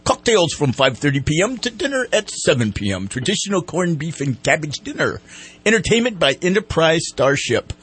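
Bright-voiced male radio host. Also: a little high, big pitch swings, moderate pace, slightly rough. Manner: jokey, chatty, reads announcements. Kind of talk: casual radio chat. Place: radio studio.

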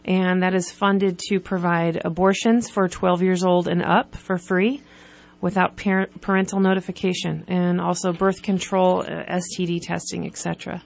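A woman from California speaks as a guest on a talk program, with a touch of vocal fry in her voice. She explains her case earnestly and presses her points by listing one after another. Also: fairly low pitch, flat delivery, normal speed. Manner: earnest, builds emphasis when listing points. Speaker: guest, nonprofit representative. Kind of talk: radio talk interview.

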